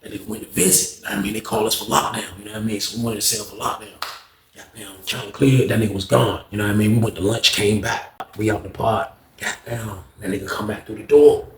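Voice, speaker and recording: A man's voice: on the low side, steady tone, quick pace, slight background noise. A man telling a story in a loose, slangy way, cursing a lot and checking in with the listener. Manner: loose, slangy, heavy cursing, frequent "you know what I mean". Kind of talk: casual storytime monologue. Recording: roomy echo.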